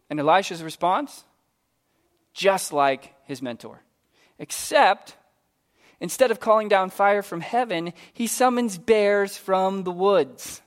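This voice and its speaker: A man with a high, light voice delivers a sermon. He tells the story in a lively, conversational way and slips into casual voices for the characters he quotes. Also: a little slow. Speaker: preacher.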